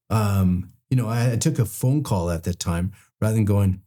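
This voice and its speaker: A male psychologist with a low, mellow voice talks through relationship patterns in a relaxed, conversational way. He leans on "you know" fillers and slips into short acted-out examples to make his points. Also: moderate pace, few pauses. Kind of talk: explanatory talk on relationships.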